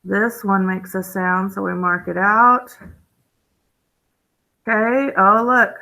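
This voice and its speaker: This phonics teacher for young children speaks slowly in a medium-pitched, fairly even, creaky voice with a sharp tone, and the recording is low quality. She thinks aloud while coding words, stays encouraging, and gasps happily at each new rule.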